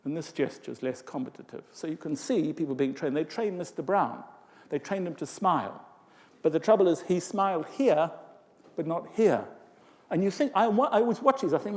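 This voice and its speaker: Older man, conference speaker, slightly high voice, long hall reverb, animated lecturing. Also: normal speed. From England. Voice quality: expressive, lively delivery with vocal demonstrations and asides. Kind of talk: lecture to a live audience.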